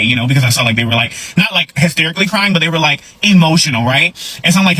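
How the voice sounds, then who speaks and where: Fast, chatty man telling a story. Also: on the high side, animated, bright, forceful tone, no room sound, low-quality recording. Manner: chatty, many fillers. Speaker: rideshare driver. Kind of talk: casual storytelling.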